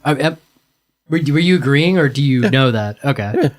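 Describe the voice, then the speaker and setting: A man hosting a casual podcast chat, asking questions and laughing through quick asides. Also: mid-range voice, lively intonation. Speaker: podcast host.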